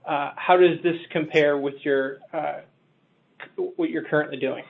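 A man's voice: a little high, steady tone, a little slow, vocal fry. Hesitant man on a tinny line. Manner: hesitant, many fillers. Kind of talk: practicing a sales pitch. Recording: tinny phone-like audio.

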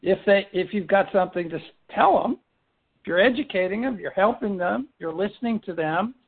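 A fairly quick, high-pitched male voice with lively intonation and a gravelly, slightly rough texture comes through a tinny phone line. He firmly runs a business team meeting, posing rhetorical questions as coaching and frequently restarting.

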